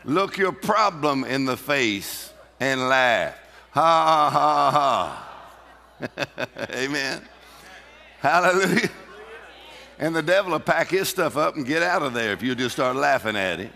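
A man preaching a sermon with exuberant energy, breaking into shouts and bursts of laughter. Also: mid-range voice, expressive, moderate pace, vocal fry, big-room sound. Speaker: pastor.

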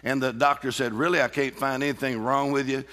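A man's voice: medium pitch, little pitch movement, brisk, bright, forceful tone. A man preaching a sermon in a church, emphatic and laughing often as he calls out to the congregation. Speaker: pastor. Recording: reverberant hall.

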